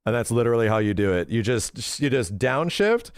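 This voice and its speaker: A man streaming, chatting casually and excitedly with his viewers, swearing often and acting out his own past conversations. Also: mid-range voice, fairly quick, clear, resonant tone, no room sound, studio quality. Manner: excitable, profane, retells talks in quoted voices. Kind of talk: casual livestream chat.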